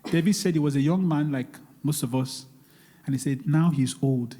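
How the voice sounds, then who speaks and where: A guest speaker on investing, whose warm voice is on the high side and a little fast, gives a live seminar talk in a church hall. He pleads emphatically with his audience and repeats key words, and the recording has the long reverb of a large hall.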